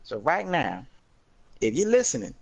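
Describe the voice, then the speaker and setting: A man guesting on a casual gaming podcast, voice sitting a little high for a man. He clowns around, repeats phrases over and over, and hams up his goodbyes. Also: wildly swooping pitch, normal speed, creaky, slight background noise. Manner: playful, repeats phrases, hammy sign-off.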